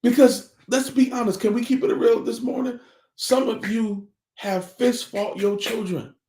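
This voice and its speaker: A man with a noticeably high voice delivers a morning motivational talk on family life, speaking in an echoey room. He is earnest and preachy, pressing his listeners with one pointed question after another. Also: fairly even intonation, unhurried, darkish tone.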